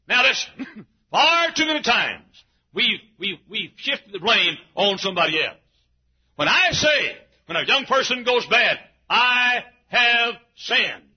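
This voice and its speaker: A man preaching an emphatic sermon in a church, often shouting. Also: high voice, sing-song, a little slow, long pauses. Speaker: pastor. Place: church sanctuary. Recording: dull, husky lo-fi church recording.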